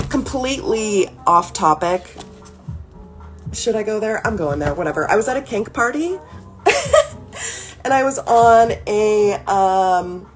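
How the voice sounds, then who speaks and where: A woman in her thirties talks casually on a live stream, blunt and candid, dropping swear words and drifting off topic. Soft ambient music plays faintly behind her. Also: mid-range voice. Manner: candid, swearing, quick digressions with laughing asides. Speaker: creator reading a therapy workbook on a live stream.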